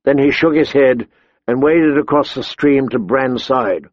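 A man narrating a fantasy audiobook in a measured, deliberate storytelling manner. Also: mid-range voice, no room sound. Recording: slightly dull, dry recording.

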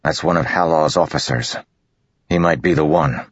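A man's voice: very deep voice, normal speed, breathy edge, no room sound, lo-fi sound. A man voicing a stern young male squad leader who gives clipped, firm orders in a storybook. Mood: commanding.

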